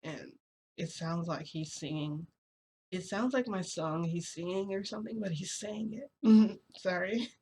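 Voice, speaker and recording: A woman's voice: on the low side, measured pace, slightly rough. A woman telling a story to her viewers in a rambling, chatty way, giggling often, her voice cracking from screaming. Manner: rambling, full of fillers and giggles. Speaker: vlogger. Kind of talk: casual storytime chat.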